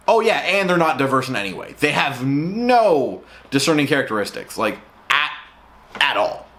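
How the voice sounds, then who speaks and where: A man hosts his own review vlog, ranting with exasperated profanity. His voice sits a little high and swings widely in pitch as he complains. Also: fairly bright tone. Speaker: show reviewer.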